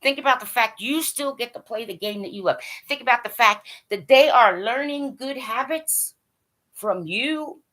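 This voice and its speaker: A woman's voice: on the high side, normal speed, a bit bright. A woman hockey fan giving a blunt, profane, scolding rant straight to camera. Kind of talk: ranting monologue to camera.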